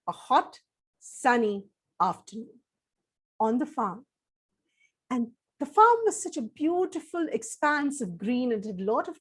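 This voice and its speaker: A woman telling a story to children in an animated, sing-song way, coaxing them to join in. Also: high-pitched.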